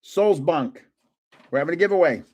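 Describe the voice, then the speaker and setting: Older guy on a live stream, kinda high voice, bouncy, takes his time, cracking jokes about cards. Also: expressive, normal speed, a little mellow. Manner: jokey, chatty, guesses card names aloud. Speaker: livestream host opening trading cards. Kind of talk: casual live-stream chat.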